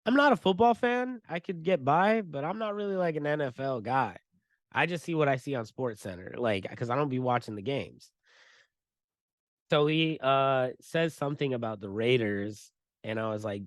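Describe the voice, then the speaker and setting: A man co-hosting a podcast, telling a story in a casual, profane, animated way and laughing as he goes. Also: medium pitch, moderate pace, no echo. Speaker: podcast co-host.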